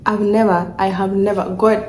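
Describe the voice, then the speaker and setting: Speaking at normal speed with a medium pitch, flat delivery and darkish tone, a young woman vlogs casually while opening gifts, effusive and emotionally repetitive. Faint noise and room echo are audible.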